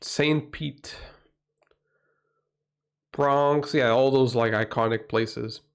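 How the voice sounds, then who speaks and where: A man's voice: medium pitch, steady tone, very slow, smooth. A man from Portugal with a Portuguese accent, a livestream host in a rambling, profane, casual chat who often breaks into exclamations.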